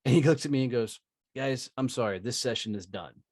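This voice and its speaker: A man's voice: mid-range voice, fairly quick, darkish tone, no echo, studio quality. Brash, profane man telling stories. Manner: profane, emphatic, tag questions. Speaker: podcast guest, sales trainer. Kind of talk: casual storytelling.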